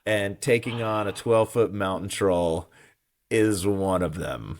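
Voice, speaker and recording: Guy with a lowish voice, chill podcast chat, going through a chapter with lots of "you know"s. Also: measured pace, darkish tone, slight background noise. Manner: retells scenes at length with many fillers. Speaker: podcast co-host. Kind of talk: casual chat recapping a book chapter.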